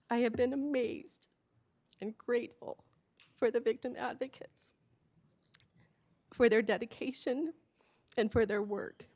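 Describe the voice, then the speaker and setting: A woman with an American accent presenting a prepared report on victim services to a county meeting, speaking earnestly and steadily. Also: on the high side. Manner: steady and earnest, becoming emotional and hesitant. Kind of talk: reading a prepared report, then answering questions.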